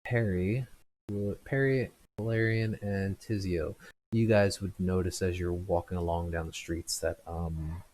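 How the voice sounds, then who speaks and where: A man's voice: low voice, fairly even intonation, measured pace, a little mellow, slight background noise, rough recording. A man narrating a tabletop game as game master, hesitant and full of fillers.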